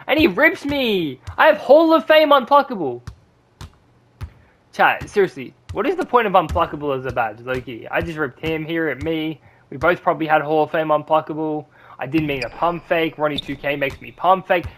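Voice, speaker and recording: A man's voice: on the high side, fairly bright tone. A young man streaming a basketball video game, cursing and ranting at the game while talking to his chat in mumbled asides. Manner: profane, frustrated ranting at the game. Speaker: gaming streamer. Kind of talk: live gameplay commentary to chat.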